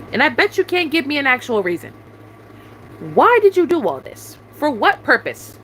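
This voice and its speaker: A young woman rants straight into the mic, her voice high and sharp-edged as she swears and repeats her demands. A faint hiss of noise sits under the recording. Her pitch swings widely as the anger rises and falls. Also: rough recording. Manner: confrontational, repetitive demands, heavy swearing. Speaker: YouTuber venting on a live stream. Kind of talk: angry venting rant.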